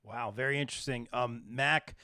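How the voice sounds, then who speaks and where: A man's voice: mid-range voice, normal speed, no room sound, studio quality. A man hosting a live podcast interview, hyping his guests and reading out chat comments. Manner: excited, hypes guests, reads chat. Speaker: podcast host.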